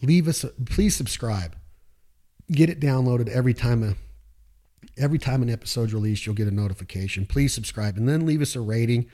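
A man's voice: mid-range voice, a little fast, mellow. A man hosting a podcast, talking casually in a fired-up, preachy pep-talk way with slang and swearing. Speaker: podcast host.

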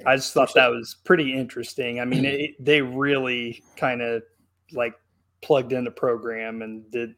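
A man with a mid-range voice talks casually about an album. He speaks in quick bursts and keeps restarting his sentences. He gives his opinion in plain, everyday words. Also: medium pitch, level tone, fairly bright tone. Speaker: album review co-host. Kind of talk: casual chat.

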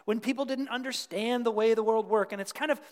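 A preacher voicing a condescending modern skeptic who dismisses old beliefs emphatically. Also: male voice, very high-pitched, steady tone, fast talker. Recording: long reverb of a large hall.

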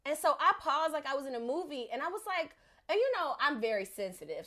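A woman's voice: high-pitched, brisk. A woman telling a story in casual podcast chat, acting out the people in it. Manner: animated, acts out voices in her story.

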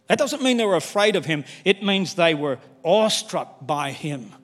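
Older man, pastor, animated sermon, high voice, swooping intonation, reverberant hall. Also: moderate pace, faint music behind. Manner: animated, candid preaching with humor and acted-out quotes.

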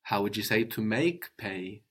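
A man's voice: lowish voice, animated, unhurried, slightly rough. Patient man teaching a language lesson. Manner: patient, prompting questions, gentle corrections.

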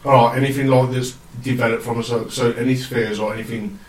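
A man's voice: medium pitch, fairly even intonation, quick pace, distant mic. A man asking crude silly questions in group banter. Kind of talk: crude banter among friends. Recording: roomy, off-mic, group chatter.

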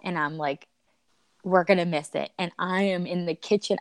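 Woman guest, thirties, slightly low voice, dry close sound, animated candid storytelling. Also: moderate pace, gravelly, no echo. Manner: emotional, animated retelling with laughs. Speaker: podcast guest.

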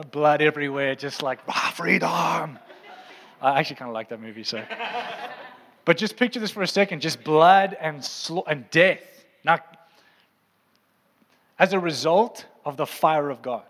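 A man's voice: fairly high pitch, a bit bright. A man preaching a sermon to his congregation, fervent and playful, teasing the room now and then. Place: church auditorium. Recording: long hall reverb in a church.

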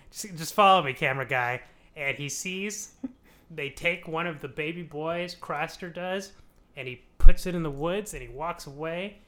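A man's voice: a little high, a bit bright. Laughing, rambling young man recapping a show. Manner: rambling, laughs often, acts out characters in quick asides. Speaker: podcast host explaining a TV show. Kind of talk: casual comedic recap.

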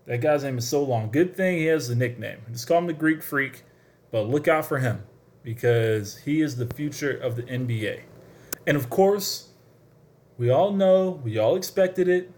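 A man's voice: mid-range voice, expressive, normal speed, darkish tone. A man giving a casual sports commentary all on his own, with a mid-range voice. He talks straight to his audience, chatty and emphatic, pressing his points home. It sounds like an informal sports talk show. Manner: chatty, addresses listeners directly, emphatic. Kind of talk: solo sports talk monologue.

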